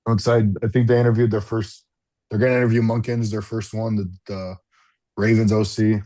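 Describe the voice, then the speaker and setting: Man, lowish voice, casual sports chat, rambling, fillers and restarts, remote video call. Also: flat delivery, fairly quick, dark tone, no room sound. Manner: rambling, frequent fillers and restarts, mild swearing. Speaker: podcast co-host and football fan.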